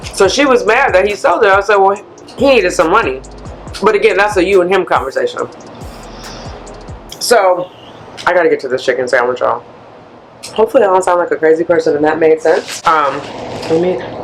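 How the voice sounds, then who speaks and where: Blunt woman vlogger ranting, lowish voice. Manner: blunt, animated ranting storyteller. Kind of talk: candid vlog chat.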